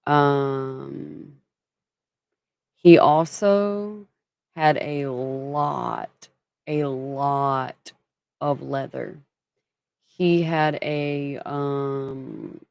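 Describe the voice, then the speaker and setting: A woman's voice: sits low, gravelly, darkish tone, no room sound. A woman from Kentucky hosting a casual livestream, chatting and greeting viewers by name as she talks. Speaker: livestream host.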